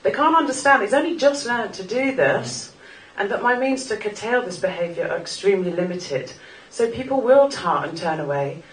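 A woman's voice: medium pitch, lively intonation, normal speed, few pauses. Woman giving a wry talk on stage. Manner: wry, earnest, laughs at her own jokes. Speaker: speaker at a live talk event. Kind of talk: personal talk to a live audience. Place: small club venue in front of an audience. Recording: echoey room, distant mic, faint noise.

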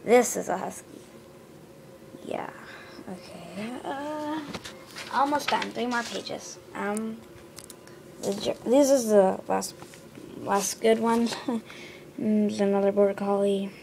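A woman showing her drawings in a casual show-and-tell, hesitant, with lots of ums and quick self-corrections. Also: mid-range voice, vocal fry, dark tone, a little hiss or hum.

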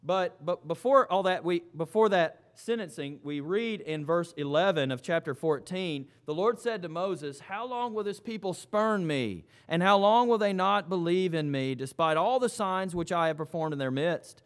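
A man's voice: high-pitched, animated, moderate pace, hardly any pauses, smooth. A man preaching a sermon in church, reading scripture aloud and then explaining it with emphatic repetition.

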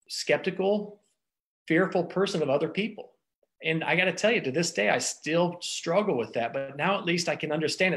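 A middle-aged man with a slightly raised pitch speaks as a doctor offering wellness advice. He talks in an earnest, personal way, often restarting his sentences and leaning on fillers. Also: a bit bright. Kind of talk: heartfelt motivational talk.

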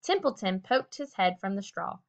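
A woman narrating a children's book aloud with a steady, expressive reading. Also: mid-range voice, moderate pace, creaky. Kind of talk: storybook read-aloud. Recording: dull lo-fi recording.

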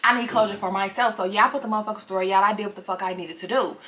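A woman's voice: medium pitch, fairly even intonation, very fast, a bit bright, lightly acted. A woman voicing a furious, profane young woman. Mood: defiant. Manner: profane, cursing, slangy. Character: furious young woman confronting her abuser.

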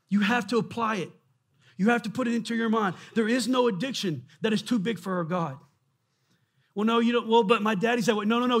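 A man preaching a sermon in a church, impassioned and often shouting, acting out the voices of doubters. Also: high voice, husky. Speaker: pastor.

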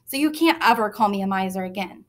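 A woman's voice: mid-range voice, animated, fast, lightly acted. A woman voicing a bold, smug young girl in a storybook reading. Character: small bold girl, smug little sister.

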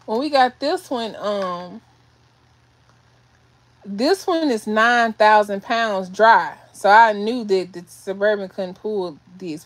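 A woman telling a story to viewers on a livestream, emotional and shaky, rambling and repeating herself. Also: mid-range voice. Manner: rambling, restarts and repeats phrases. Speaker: vlogger doing a livestream. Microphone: phone or webcam on a livestream.

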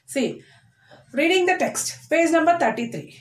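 A woman teaching a class to children. She speaks slowly and deliberately, repeating each word and breaking it into syllables. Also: high voice, animated. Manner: slow, deliberate, repeats words and spells them out in syllables. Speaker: English teacher. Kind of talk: online classroom lesson. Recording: echoey room.

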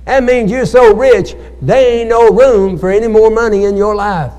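A man's voice: high-pitched, moderate pace, mellow. A male pastor, preaching a sermon and calling on the congregation for amens. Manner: preaching with call-and-response to the congregation. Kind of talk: sermon at Bible study. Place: church hall. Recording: echoey church hall.

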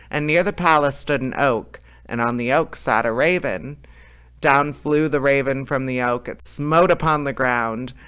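A man reading a fairy tale aloud in a plain, steady way, with an occasional filler. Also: mid-range voice, clear, resonant tone. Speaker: storyteller.

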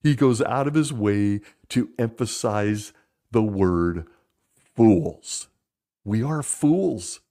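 A man's voice: on the low side, expressive, takes it slowly, warm tone. A man hosting a podcast, giving critical commentary in a sarcastic, mocking way. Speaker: podcast host.

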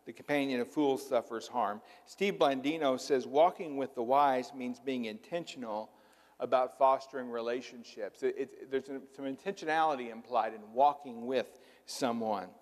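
A man's voice: medium pitch, normal speed. A middle-aged male pastor from southern Illinois with a slight Southern accent, preaching in a folksy, conversational way full of filler words. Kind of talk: sermon. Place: church sanctuary. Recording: reverberant church hall.

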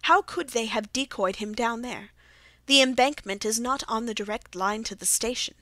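A woman reading the part of a brilliant, aloof male detective in an audiobook, with a measured, precise delivery. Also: on the high side, a bit bright, no room sound, lightly acted. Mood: stung, resolute.

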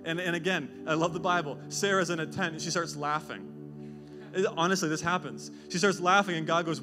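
Energetic male preacher telling a story. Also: on the high side, over music. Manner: animated storytelling with quick put-on voices and asides. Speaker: pastor. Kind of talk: sermon.

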